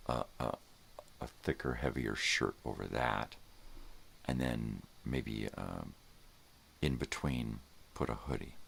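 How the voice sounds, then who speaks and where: Gravelly, very deep older man rambling. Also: fairly bright tone, a little hiss or hum. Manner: rambling and laid-back, drifting between topics, often trailing into mumbles. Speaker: host. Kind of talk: casual morning livestream chat.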